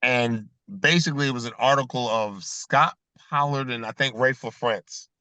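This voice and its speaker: A middle-aged former basketball player, a guest on a casual podcast, telling animated stories and laughing between them over a video call. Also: male voice, medium pitch, moderate pace, no room sound. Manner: animated storyteller who laughs between anecdotes.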